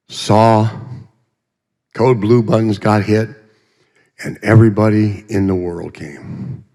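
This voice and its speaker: A man speaks from the front of a church sanctuary, his fairly low voice trailing into a long hall reverb. He tells his testimony in a folksy, storytelling way, full of humorous asides and vivid pictures. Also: vocal fry, darkish tone. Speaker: guest speaker giving a testimony.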